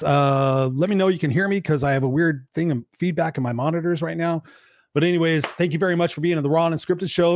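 A man hosting a live-streamed motivational show, talking in an energetic coaching tone and greeting viewers by name, his voice a little tired. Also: on the high side, dry recording. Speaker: podcast host. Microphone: desk mic with monitors.

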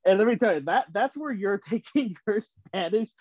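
A man co-hosting a casual podcast chat, rambling through animated stories with lots of fillers. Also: high-pitched, moderate pace, highs cut off. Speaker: podcast co-host.

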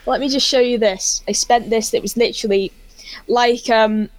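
A woman telling a story as an interview guest, excitable and rambling, often laughing. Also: a little high, normal speed, dry recording.

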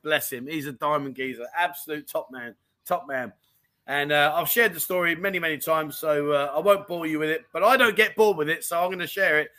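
Bright, high-voiced man chatting live. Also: a little fast. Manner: chatty and animated, full of mate and diamond geezer slang. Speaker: livestream host reading viewer comments. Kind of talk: casual livestream chat. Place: home in Thailand.

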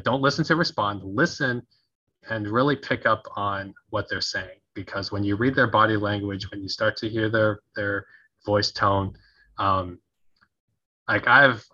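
Male podcast guest, bright tense voice, slightly low, lo-fi sound, animated delivery. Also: breathy edge. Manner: animated, laughs often, acts out sample phrases. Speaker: guest, conflict resolution coach. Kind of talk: casual podcast interview. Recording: dull lo-fi audio.

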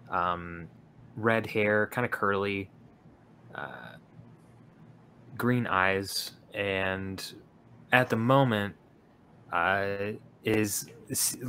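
Brief: male player, deep-ish voice, very slow, hesitant delivery. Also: bright, forceful tone, slight background noise. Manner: halting, full of fillers. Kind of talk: introducing a character in a tabletop game.

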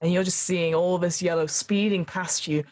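A woman running a tabletop horror game as game master, narrating scenes dramatically and quickly. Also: fairly low pitch, fairly even intonation, darkish tone.

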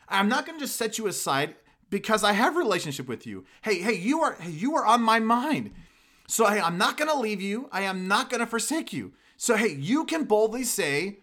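Animated man preaching a sermon. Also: high-pitched, moderate pace. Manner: animated, storytelling with emphatic repetition. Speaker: pastor.

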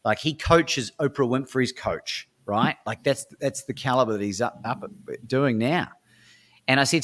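A man's voice: mid-range voice, a little slow. An Australian man, a speaker and coach, telling stories energetically as an interview guest and acting out dialogue. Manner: energetic, acts out dialogue, frequent restarts. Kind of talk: animated interview storytelling.

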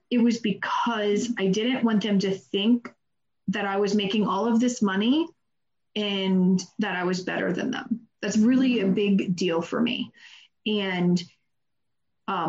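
A middle-aged woman who leads a real estate team, talking candidly and earnestly in an interview, full of "like" and "you know". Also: medium pitch. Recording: dull lo-fi sound.

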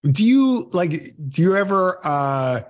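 A man's voice: high voice, very animated, slow. A man hosting a podcast, asking questions in an enthusiastic, encouraging way. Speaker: podcast host. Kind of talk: casual interview chat.

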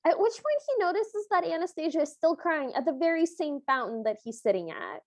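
A woman's voice: very high-pitched, brisk, dry recording. A woman co-hosting a podcast, recapping a film in casual chat and acting out the characters' lines. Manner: animated, acts out characters' lines in quotes. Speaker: podcast co-host.

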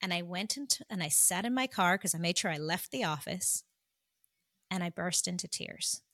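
Gravelly-voiced woman doctor as podcast guest, earnest and confessional, dry close mic. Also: on the low side, lively intonation, a bit bright, no room sound. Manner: earnest, confessional, slows for emphasis. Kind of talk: emotional personal storytelling.

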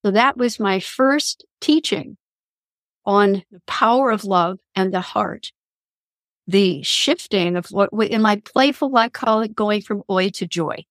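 A woman's voice: mid-range voice, a little slow, dry recording. A woman guest on a podcast interview, telling personal spiritual stories in an earnest, reflective way. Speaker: guest, author and columnist.

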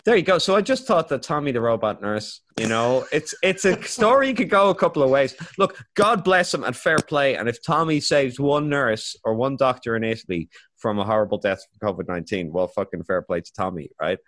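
A man's voice: mid-range voice, fairly quick, hardly any pauses. A man hosting a casual podcast, ranting with swearing and laughter. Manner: swearing, laughing, animated rants. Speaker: podcast host. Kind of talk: casual chat.

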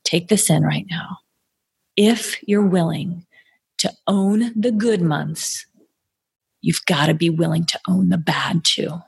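Husky-voiced woman coaching sales. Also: fairly low pitch, normal speed, dry recording, clean studio sound. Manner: energetic, emphatic, acts out sample lines to clients.

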